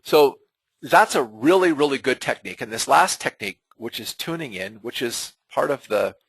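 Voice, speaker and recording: A middle-aged man teaches an online webinar in an unscripted, conversational way, often restarting and repeating words. His voice is husky and gravelly, with a breathy edge. The sound is close and dry, with no room around it. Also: mid-range voice, animated, normal speed, dry recording, low-quality recording. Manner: conversational and earnest, with frequent fillers and repeated words.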